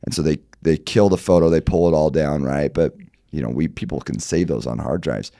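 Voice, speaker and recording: A man in his thirties who is sick, talking in a very low, dark voice. He chats casually and dryly with a deadpan, trolling edge, tagging lines with "right?". The sound is close and dry. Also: fairly quick, gravelly, no echo. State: sick, voice gone deep. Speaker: podcast co-host. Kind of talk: casual chat.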